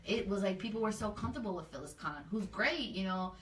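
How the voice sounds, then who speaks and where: A woman's voice: medium pitch, expressive, quick pace, distant mic, slight background noise. A woman community organizer in a casual interview, speaking earnestly and loosely with lots of fillers. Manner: earnest, talks freely with many fillers. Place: indoor room, livestream. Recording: echoey room, off-mic.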